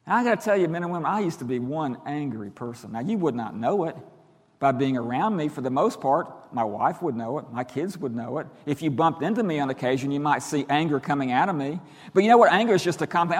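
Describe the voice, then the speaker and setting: Emphatic preacher in a reverberant hall. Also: male voice, a little high, lively intonation, fast talker. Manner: emphatic, swings from loud to quiet. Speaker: pastor. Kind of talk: sermon. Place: church sanctuary.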